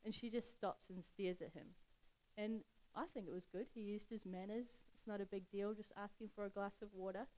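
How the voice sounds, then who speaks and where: A young adult woman speaking at a church, retelling a Bible story in a chatty, relaxed way with casual slang. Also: medium pitch, moderate pace, poor audio.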